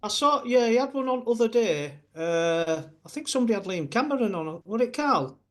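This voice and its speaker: A man's voice: very high voice, animated, brisk. A man in his fifties with a West Yorkshire accent, a guest chatting earnestly on a video call, rambling with many restarts. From Bradford, West Yorkshire. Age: 50s. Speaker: guest fan. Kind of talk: casual chat.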